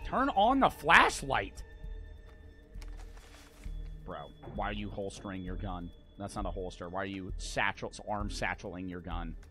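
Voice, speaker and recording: A man commentating a horror game as he plays, excitable and joking, with plenty of swearing. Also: low voice, moderate pace, few pauses. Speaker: gaming streamer. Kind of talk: gameplay commentary. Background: game music.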